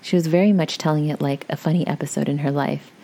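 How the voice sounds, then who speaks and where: A woman's voice: deep voice, steady tone, fast talker, mellow. A woman reading a story aloud in a chatty, conversational way, with casual asides to her listeners. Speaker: story reader.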